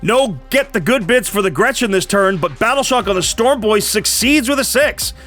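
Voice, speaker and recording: A man giving brisk play-by-play commentary over a tabletop wargame. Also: high-pitched, expressive, a bit bright, faint music behind.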